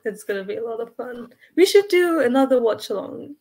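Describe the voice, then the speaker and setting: High-voiced woman, self-mocking chat. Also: fairly quick. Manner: self-deprecating, animated retelling. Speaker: co-host. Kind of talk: casual chat.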